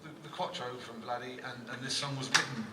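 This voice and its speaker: A man performing on stage, telling halting, chuckling anecdotes between songs. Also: mid-range voice, very noisy. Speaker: performing musician. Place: live concert stage. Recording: echoey live hall from far off with music.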